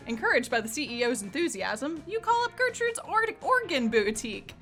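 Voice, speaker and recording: A young adult woman streaming a game, chatting and reading the game's narration aloud in an animated way. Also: high voice, normal speed, few pauses, faint music behind. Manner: animated, laughing, reads narration. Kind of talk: casual chat and reading game text aloud.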